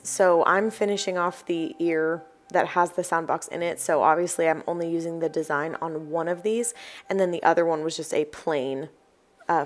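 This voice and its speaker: A young woman hosting a craft channel, talking through each step in a chatty voice-over, a little croaky from the early morning. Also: lowish voice. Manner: chatty, explanatory, apologetic asides. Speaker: DIY crafts channel host. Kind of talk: voice-over tutorial narration.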